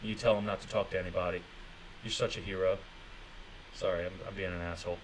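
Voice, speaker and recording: A man's voice: deep voice, fairly even intonation, quick pace, pauses often, rough recording. A man hosting a casual livestream chat, rambling and swearing, mocking people's excuses with sarcasm and reading viewer comments aloud. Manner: profane, sarcastic, mocking voices of others. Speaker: livestream host.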